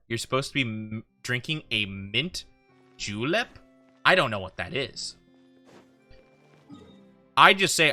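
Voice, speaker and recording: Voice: medium pitch, big pitch swings, moderate pace, bright, forceful tone, faint music behind. A VTuber streamer in rambling casual chat with viewers during a game stream.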